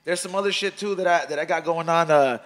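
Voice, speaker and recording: A man hosting a podcast in casual chat, talking in fast, profane, slangy street talk that drops into Spanish. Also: fairly high pitch, a bit bright. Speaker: podcast host.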